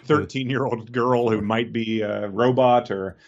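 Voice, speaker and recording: A man's voice: mid-range voice, steady tone, measured pace, lo-fi sound, natural voice. A man voicing a nervous adult man who glances around shady back alleys and mutters self-consciously.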